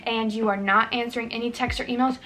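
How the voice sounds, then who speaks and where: A young woman talks straight to her viewers in a relaxed, chatty advice vlog, peppering her tips with "like" and "you know." Her voice sits slightly high. A faint background hiss runs under the recording. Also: fast talker. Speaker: vlogger.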